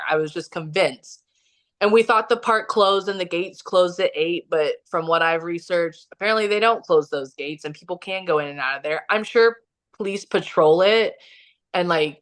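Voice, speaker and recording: A woman with a somewhat low voice tells a personal story as a podcast guest. Her talk is casual and chatty, filled with "like", and she acts out what people said. She is from Kansas City, Missouri. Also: fairly bright tone. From Kansas City, Missouri, USA. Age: young adult or middle-aged, has a son. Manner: chatty, heavy use of "like", acts out quotes.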